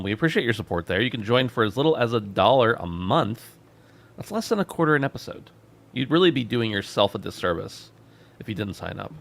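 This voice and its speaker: A man's voice: mid-range voice, fairly bright tone. A man hosting a gaming podcast, chatting casually and joking around as he runs the show. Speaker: podcast host.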